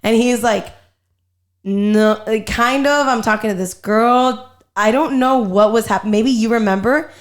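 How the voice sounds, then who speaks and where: A young woman hosting a podcast, telling a family story in a casual, animated way and swearing freely. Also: a little high, measured pace. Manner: animated, profane storyteller, quotes herself and others. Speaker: podcast host.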